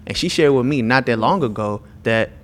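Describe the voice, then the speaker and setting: Male co-host, average pitch; delivers faith testimony with emphatic, preacher-like urgency. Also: lively intonation, fairly quick. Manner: preachy and emphatic, keeps asking "right?". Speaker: podcast co-host.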